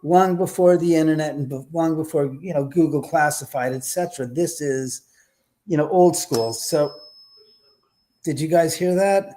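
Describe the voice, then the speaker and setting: A man's voice: on the high side, normal speed. A man, a podcast guest telling a story and acting out the dialogue, speaking from home over a remote call. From Los Angeles, USA. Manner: animated, acts out quoted dialogue. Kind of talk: casual storytelling. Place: home in Los Angeles.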